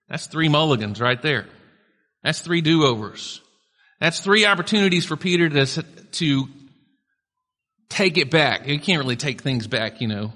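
A man's voice: a little high, bright, forceful tone. A male pastor preaching a sermon in a conversational style, with casual asides to the congregation. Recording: long hall reverb.

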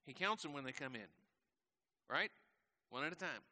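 A pastor preaching a sermon in a conversational way, often asking his listeners questions and letting his voice slow and soften at the ends of phrases. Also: a little high, lively intonation. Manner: conversational, asks the congregation questions; slows and drops softly at the ends of phrases.

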